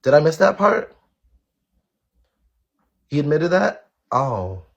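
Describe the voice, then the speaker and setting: A man's voice: on the high side, sing-song, slow, creaky, slightly rough, lo-fi sound. A man hosting a live stream, talking straight to his viewers in blunt, outspoken commentary, swearing freely and repeating his points for emphasis. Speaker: live-stream show host.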